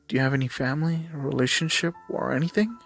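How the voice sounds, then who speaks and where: Teenage boy hero, guilt-ridden, hesitant, a bit sarcastic, ordinary mid pitch, as a man reads him. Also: lively intonation, fast, gravelly, a bit bright, faint music behind. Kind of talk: fan fiction read aloud.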